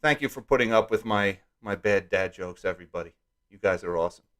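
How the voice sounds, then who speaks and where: A man's voice: lowish voice, fast, fairly bright tone. A man hosting a live stream, talking casually with wry jokes and asides. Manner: wry and joking, lots of asides.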